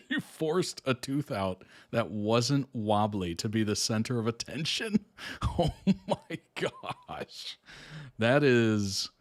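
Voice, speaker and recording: Slow, low-voiced reaction host. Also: male voice, lively intonation. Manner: easygoing, laughing often. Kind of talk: casual reaction commentary.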